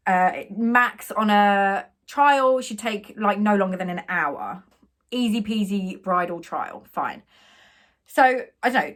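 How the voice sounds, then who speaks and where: A woman makeup artist, telling a story to camera, animated and quoting others in their voices. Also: mid-range voice. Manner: animated, quotes people in their own voices, quick asides.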